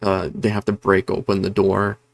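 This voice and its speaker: Speaking at normal speed in a low, totally flat voice, a man loosely summarizes a horror film's story for his review channel. It's a casual spoken review where he wanders, uses plenty of fillers, keeps self-correcting, and says sorry for the muddled delivery.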